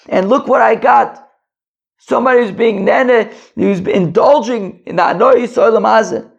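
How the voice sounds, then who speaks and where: A man with a hoarse, strained voice leads a relaxed Talmud study session. His voice sits high and crackles with grit. He reads the old text, then explains it line by line in plain talk, and the sound is muffled and lo-fi. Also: normal speed. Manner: reads Hebrew and Aramaic, then translates phrase by phrase in casual talk. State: hoarse, struggling voice. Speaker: Talmud teacher, podcast host. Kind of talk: casual Talmud study podcast. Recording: dull lo-fi recording.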